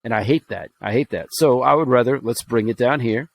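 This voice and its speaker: A man's voice: mid-range voice, a little fast, vocal fry, poor audio. A man co-hosting a podcast, talking earnestly and reflectively in casual chat. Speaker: podcast co-host.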